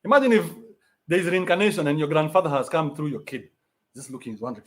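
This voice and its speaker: A man with a Kenyan accent hosting a podcast, ranting in a mocking, animated way and swearing freely. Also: on the high side, brisk, pauses often. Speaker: podcast host. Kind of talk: ranting commentary.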